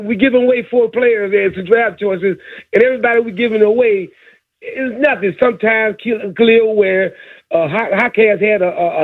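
High-voiced man on a tinny phone line. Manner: combative, stammering. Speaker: caller. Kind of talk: argumentative sports radio call-in.

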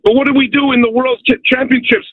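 Very high-pitched and husky, this Canadian caller talks fast with little pitch movement, pressing his rant with repeated "okay?" The radio phone-in sounds tinny, without room sound.

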